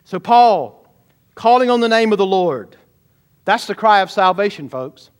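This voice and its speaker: Pastor guy with a high voice, preaching hard, keeps asking the crowd stuff. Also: expressive, measured pace, clean tone. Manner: emphatic, often calling out questions to the congregation. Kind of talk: sermon.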